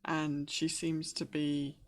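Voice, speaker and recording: A woman's voice: low voice, flat delivery, takes it slowly. A woman narrating as game master, hesitant with many fillers. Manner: hesitant, filler-heavy, laughs often.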